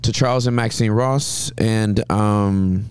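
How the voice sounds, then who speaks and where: A man in his forties from Southern California, a pastor telling stories as a guest in an interview, with a humorous, lively manner. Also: fairly low pitch, slow. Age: 40s. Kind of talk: interview storytelling.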